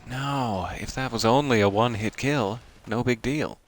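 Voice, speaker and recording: A man's voice: medium pitch, normal speed, slight background noise. A man chatting wryly through his gameplay, with mock-formal asides as he plays. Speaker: streamer playing a video game. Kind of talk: casual gameplay commentary.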